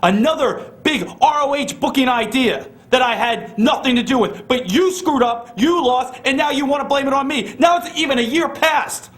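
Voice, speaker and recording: A man delivering a wrestling promo, his voice sitting fairly high for a man. He swings between cocky bragging and hushed, threatening whispers. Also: animated, normal speed, few pauses. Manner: boastful, drops into low menacing whispers. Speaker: pro wrestler cutting a promo.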